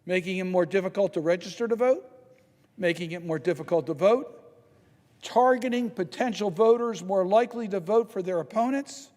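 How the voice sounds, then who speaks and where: An older man from Maryland giving a measured, emphatic Senate floor speech, slowing down to stress key points. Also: high-pitched, darkish tone, big-room sound. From Maryland, United States. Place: large legislative chamber.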